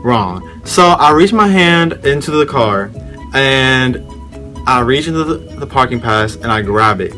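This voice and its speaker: A man's voice: medium pitch, animated, a little slow, bright, forceful tone, faint music behind. A young man telling a story in a casual vlog, rambling and slangy as he talks straight to his viewers. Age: young adult.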